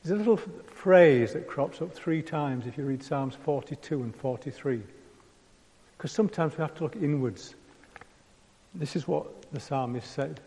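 A man's voice: a little high, moderate pace, darkish tone. A man preaching a conversational sermon, acting out prayers in the first person. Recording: long hall reverb.

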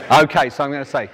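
A man's voice: sits high, a little hiss or hum. A man preaching an informal sermon to a church congregation, chatty and self-deprecating, breaking into jokey asides. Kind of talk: informal sermon with a sung action chorus. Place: church hall. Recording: long church hall reverb.

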